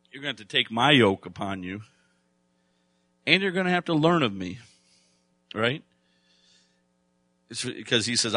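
A man delivering a sermon in a bright, forceful voice. He talks conversationally, then swells into loud, emphatic stretches. The sound is dry and close. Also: mid-range voice, no echo. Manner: conversational preaching, rising to loud emphatic bursts. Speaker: pastor.

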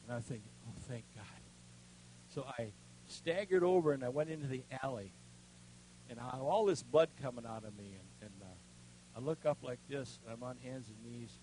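An older man preaching, telling a personal story in a folksy way, dropping to a hush and then rising loud. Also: mid-range voice, brisk, slight background noise, rough recording. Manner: folksy storytelling with strong swings between hushed and loud. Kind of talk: sermon with personal testimony.

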